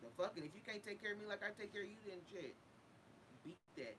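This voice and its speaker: A young man co-hosting a podcast, talking loosely and swearing freely, getting loud and animated. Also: sits high, fast talker, a little hiss or hum. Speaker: podcast co-host. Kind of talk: casual chat.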